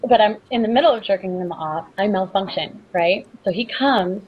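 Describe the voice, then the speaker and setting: A woman's voice: medium pitch, moderate pace, slight background noise. Flirty, joking woman on a lo-fi call. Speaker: guest adult film performer and producer. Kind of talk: casual podcast chat. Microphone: video call.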